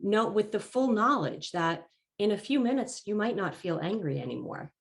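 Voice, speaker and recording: A woman giving a talk as a life coach, calm and encouraging, slightly congested from allergies and clearing her throat now and then. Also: mid-range voice. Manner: calm, encouraging and measured, stressing key phrases. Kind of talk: presented talk.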